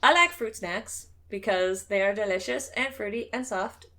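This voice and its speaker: A woman's voice: mid-range voice, moderate pace, bright, forceful tone. A woman hosting a casual chat show, talking in a chatty, joking way and swearing casually. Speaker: streamer and show host.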